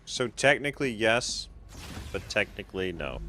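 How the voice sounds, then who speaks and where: A man's voice: fairly low pitch, sing-song, normal speed, bright, forceful tone, a little hiss or hum. A man, streaming a game and chatting casually with viewers, laid-back and swearing freely, often trailing off. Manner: chats with viewers by name. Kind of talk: casual live-stream chat while gaming.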